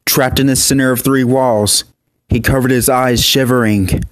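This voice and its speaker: A man narrating a horror story in a steady, even scripted reading. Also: medium pitch, moderate pace, no echo, studio quality.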